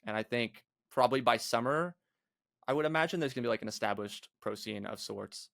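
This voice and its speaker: A man's voice: mid-range voice, fairly quick, gravelly, a bit bright, no echo, clean studio sound. A young man, a guest on a gaming podcast, talking bluntly and casually with lots of filler words. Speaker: guest, competitive gamer.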